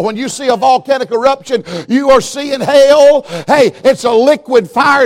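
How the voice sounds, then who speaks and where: A man preaching a fiery revival sermon, swinging from hushed, quiet passages to loud shouting. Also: very high-pitched, lively intonation, moderate pace, hardly any pauses. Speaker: preacher, evangelist.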